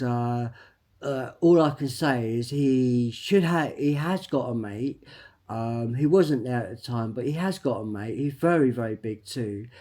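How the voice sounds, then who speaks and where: A man at a mid-range pitch delivers a rambling personal monologue. He stops and restarts often and repeats words. He presses his points and keeps tagging them with a quick "right?". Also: a little mellow. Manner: emphatic, tags lines with "right?". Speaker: vlogger.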